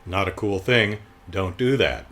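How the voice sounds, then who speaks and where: A man's voice: deep voice, measured pace, fairly bright tone. A man giving a casual, jokey TV review, retelling the plot with sarcastic asides.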